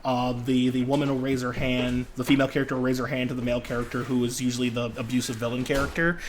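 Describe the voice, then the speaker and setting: A man's voice: mid-range voice, little pitch movement, quick pace, noisy background. A young man co-hosting a podcast, telling jokey rambling stories in casual chat. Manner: joking, rambling storyteller. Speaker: podcast co-host.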